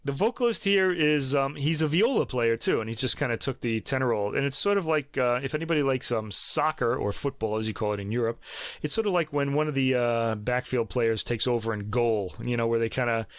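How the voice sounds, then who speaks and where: Podcast host, man in his fifties, New York accent, mid-pitched, rambling and hesitant, dry close sound. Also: brisk, few pauses, fairly bright tone, no room sound. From New York City. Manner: chatty, hesitant with many ums and restarts, laughs often. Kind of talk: casual music review chat.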